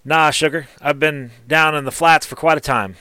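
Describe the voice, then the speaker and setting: A man's voice: fairly high pitch, steady tone, moderate pace, sharp tone, smooth, pitched above the performer's own voice. A man voicing a teasing female gnome armorer with a drawl. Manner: drawling, calls people sugar.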